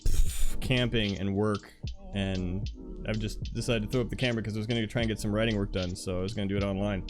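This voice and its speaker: A man chatting casually with viewers on his live stream, laughing often and trailing off mid-sentence before starting over. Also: medium pitch. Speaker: livestreamer.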